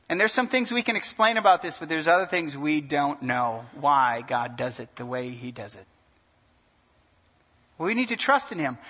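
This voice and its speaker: A male pastor preaching a sermon in an animated way, asking the congregation questions and joking. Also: high voice. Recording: long hall reverb.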